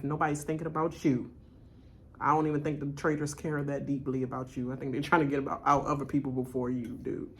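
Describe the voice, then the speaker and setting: A woman giving a blunt, animated reaction rant, mimicking people as she retells scenes. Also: sits low, slight background noise. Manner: animated, blunt, quotes people in mock voices. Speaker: reaction channel host.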